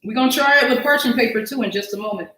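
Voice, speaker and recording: A woman's voice: fairly high pitch, racing, a bit bright, reverberant, poor audio. A woman hosting a casual cooking livestream, chatting to viewers as y'all and thinking aloud as she cooks in her home kitchen.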